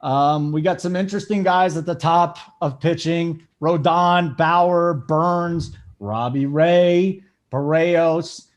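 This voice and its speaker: A man hosting a casual sports betting show, hyped and joking as he gives shout-outs. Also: fairly high pitch, steady tone, slow pace, few pauses. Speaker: show host.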